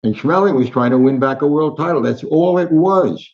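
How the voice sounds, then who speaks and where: This older sports columnist from Newark, New Jersey, US, guesting on an interview, has a voice on the high side and a normal pace. He tells stories with flair, performing the quoted voices, and the lo-fi recording comes across slightly dull.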